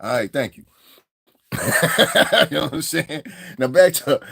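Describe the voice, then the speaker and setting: A man from the Northeastern US swears, laughs, and imitates voices mockingly while ranting during a livestream. His voice is on the high side and creaky, his pace measured, and the studio-quality audio has no room sound.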